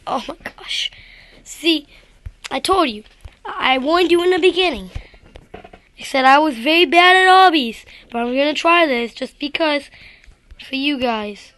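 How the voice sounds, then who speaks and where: A woman's voice: high-pitched, expressive, a little slow, long pauses, fairly bright tone, no echo. A woman giving rambling, self-deprecating gameplay commentary straight to her viewers. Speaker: gaming video creator.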